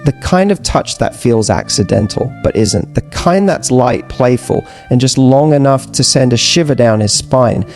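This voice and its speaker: A man giving scripted dating advice narration in a measured, persuasive way with emphatic repetition. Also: mid-range voice, lively intonation, a little mellow, soft background music.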